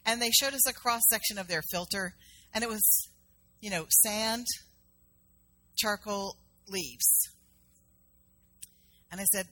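A woman's voice: medium pitch, slow, pauses often, bright, forceful tone. A middle-aged woman minister from South Carolina giving a sermon in a conversational storytelling manner, acting out the dialogue in her stories.

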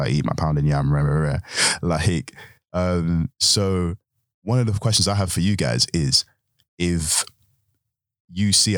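Guy, nigerian roots, real low voice, swears a lot, dry sound. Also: no echo. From Nigeria, raised in the UK. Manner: animated, swearing, slangy. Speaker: podcast guest, wrestler. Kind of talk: casual chat.

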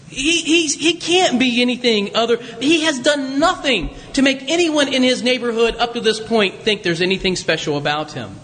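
A man's voice: high voice, fairly bright tone, long reverb tail. A man preaching a chatty, conversational sermon as pastor, with folksy asides to his congregation. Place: church sanctuary.

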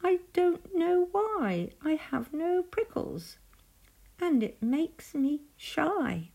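A woman's voice: sits high, very animated, slow, dark tone, voice pushed up, full character voice. A woman voicing a shy, easily embarrassed little male hedgehog in a storybook reading, fretful and bashful.

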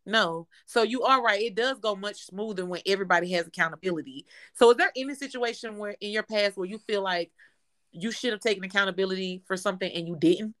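A woman's voice: medium pitch, fast, fairly bright tone. A woman co-hosting a podcast who talks bluntly and emphatically in casual chat. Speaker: podcast co-host.

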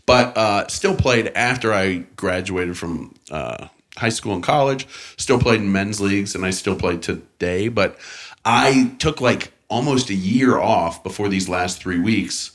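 Brief: Canadian comic in his forties, low-pitched, animated, laughs through loose rambling stories. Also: measured pace. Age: 40s. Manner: laid-back, laughs often, rambling restarts. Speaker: comedian guest. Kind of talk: casual podcast chat.

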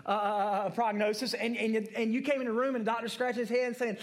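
Preaching casually to a room of adults, this man talks quickly with few pauses, in a level tone and a voice that sits high for a man. He stumbles through repeats and restarts while thinking aloud, checking in with questions and a frequent "right?"

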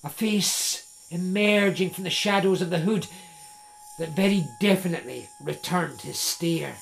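A man narrating a story in a measured way, with small restarts. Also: sits high, gravelly, faint music behind.

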